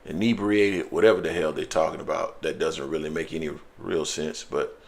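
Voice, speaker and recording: A man hosting a casual sports live stream, talking in loose, animated, slangy banter. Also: rumbling low, normal speed, gravelly. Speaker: sports show host.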